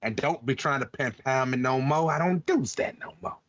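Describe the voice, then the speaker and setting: A man's voice: medium pitch, normal speed, no echo, natural voice. A man putting on a drawling Western cowboy voice with folksy grammar, playing around on a podcast. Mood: laid-back. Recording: dull lo-fi sound.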